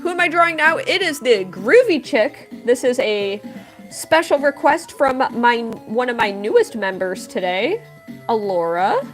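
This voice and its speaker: A woman's voice: fairly high pitch, big pitch swings, unhurried, faint music behind. A woman in her thirties chatting casually with her livestream audience while she draws. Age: 30s. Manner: chatty, talking to chat while drawing. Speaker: livestream artist.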